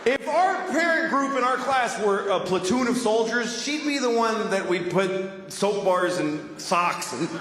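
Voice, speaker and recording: Profane ranting comedian. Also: male voice, sits high, lively intonation, a little slow, a bit bright, a little hiss or hum. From Boston. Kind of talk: stand-up comedy. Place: comedy club stage. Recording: roomy club with audience laughter.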